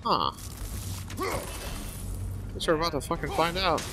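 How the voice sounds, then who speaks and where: A man's voice: a little high, big pitch swings, measured pace, rough recording. A young man giving gameplay commentary, swearing constantly and ranting at the game in exasperation. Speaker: gameplay streamer. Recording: game music behind voice.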